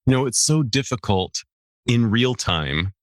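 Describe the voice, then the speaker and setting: A male psychologist hosting a podcast interview, speaking in a slow, reflective and appreciative way. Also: medium pitch, expressive, no echo, studio quality.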